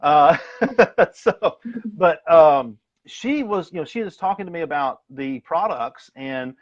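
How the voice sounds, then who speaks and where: A man's voice: fairly high pitch, expressive, takes it slowly, no room sound. A man from Tennessee, a guest on a live call, talking casually on his phone and rambling with frequent laughs and restarts. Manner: rambling, self-deprecating, laughs often. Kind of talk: casual chat. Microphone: phone on a video call. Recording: dull lo-fi phone audio.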